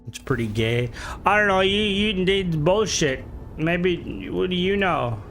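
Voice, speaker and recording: With faint music behind him, a man streams a game and chats in a rambling, sweary manner, breaking off and restarting again and again. His voice sits high, expressive and a bit bright, at a measured pace.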